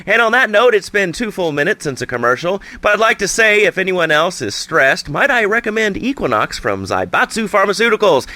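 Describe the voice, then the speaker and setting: A man's voice: high-pitched, big pitch swings, fairly quick, hardly any pauses, pushed and bright, no room sound. A man from upstate New York hosting a comedic call-in radio show, wry and impatient with callers. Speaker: radio talk show host.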